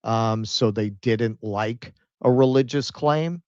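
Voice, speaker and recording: Slow-talking man with muffled sound. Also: medium pitch, darkish tone, no room sound. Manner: measured, thinks aloud with fillers. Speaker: guest. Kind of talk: casual talk show discussion.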